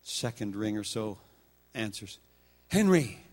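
An older man preaching, telling a story with animated acted-out dialogue and laughter. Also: mid-range voice, unhurried. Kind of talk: sermon storytelling.

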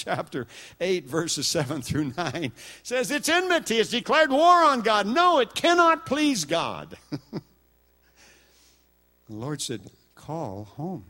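An older man preaching, telling a story with animated acted-out dialogue and laughter. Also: fairly high pitch. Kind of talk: sermon storytelling.

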